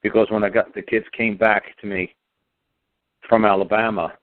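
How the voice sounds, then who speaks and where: A man's voice: fairly low pitch, flat delivery, normal speed. A man on a radio show telling his story in an emphatic, repetitive, defiant way. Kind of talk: impassioned radio talk. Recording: tinny phone-like line.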